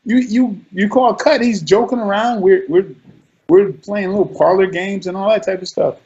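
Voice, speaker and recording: A man being interviewed, telling animated stories about his work and often restarting his sentences. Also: high-pitched, normal speed, muffled recording. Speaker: actor interviewed as guest. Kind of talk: casual interview storytelling.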